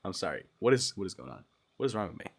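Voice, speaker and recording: A young man from Brazil chatting on a livestream, sleep deprived, giggly and rambling, dropping to mumbles and jumping to loud yelps. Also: low-pitched, sing-song, rapid-fire, creaky, noisy background. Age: young adult. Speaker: streamer. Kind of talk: casual livestream chat.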